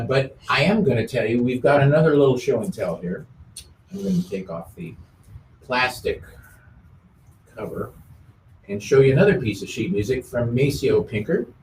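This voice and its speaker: A man hosting a music show in casual chat, easygoing, with many filler pauses. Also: mid-range voice, a little mellow, slight background noise. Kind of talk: casual chat about old songs. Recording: roomy sound from a distant mic.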